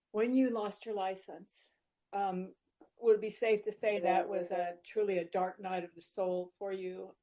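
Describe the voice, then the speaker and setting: A woman at a recovery meeting asks a thoughtful, hesitant question with many pauses. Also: mid-range voice, warm tone. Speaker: meeting participant asking a question.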